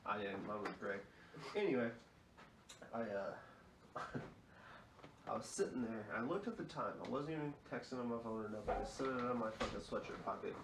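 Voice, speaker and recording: A man's voice: medium pitch, lively intonation, a little fast, pauses often, background noise. A young man hosting a podcast, telling rowdy stories in a profane, chuckling way. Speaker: fill-in podcast host. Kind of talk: casual storytelling. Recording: echoey room.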